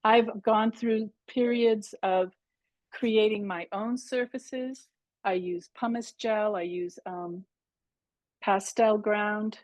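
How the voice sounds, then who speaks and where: During a live painting workshop held over video call, a middle-aged woman who teaches pastels chats and thinks out loud as she paints. Her mid-range voice is steady, slow-paced and a little mellow, with no echo.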